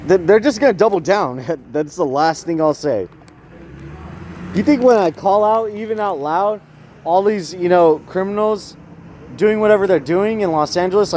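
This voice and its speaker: High-voiced man rambling outdoors. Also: darkish tone, a little hiss or hum. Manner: rambling, tags lines with "eh?", laughs often. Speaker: vlogger. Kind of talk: rambling casual monologue.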